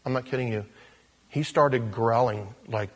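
Pastor guy telling a story in church, kinda husky, lots of restarts, loose and animated. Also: medium pitch, measured pace. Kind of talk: sermon storytelling.

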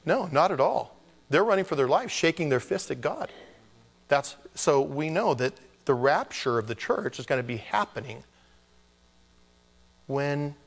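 A man preaching a conversational, jokey sermon as a pastor, often switching to high mock voices. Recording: long hall reverb.

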